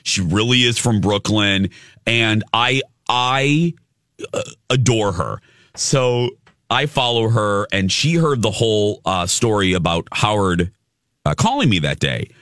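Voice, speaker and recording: A man with a low, bright voice hosts a morning radio show from a studio, chatting casually and telling stories with animation. He speaks unhurriedly and laughs often. The studio mic sound is close and dry, with no room around it.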